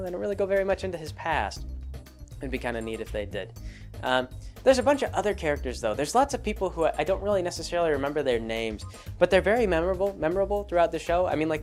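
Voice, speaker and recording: A man's voice: on the high side, sing-song, quick pace, faint music behind. Rambling man in a casual chat. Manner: rambling, full of fillers and restarts. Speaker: host. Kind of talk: casual spoken commentary.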